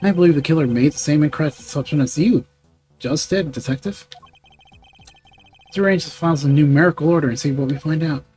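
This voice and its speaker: A man voicing a composed, formal male prosecutor in a video game, in measured tones. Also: on the high side, darkish tone, soft background music, natural voice. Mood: calm.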